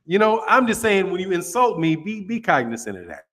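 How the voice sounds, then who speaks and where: Laid-back male host with a higher-pitched voice, casual joking chat with viewers. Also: sing-song, brisk, a bit bright. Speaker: boxing channel host.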